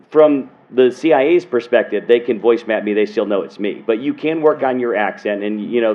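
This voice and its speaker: A man's voice: medium pitch, expressive, normal speed. A man from Alabama, a magician on a panel, telling a story conversationally and restarting his words. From Alabama, USA. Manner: conversational storyteller, repeats words when starting. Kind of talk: panel discussion anecdote. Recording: dull convention panel audio.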